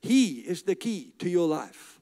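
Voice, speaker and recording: A male pastor preaching a sermon to a congregation. He builds emphatic, rhythmic lists and drops softly on key words. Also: sing-song, measured pace. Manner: drops to a soft, low voice to stress key words. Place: church service with a live congregation.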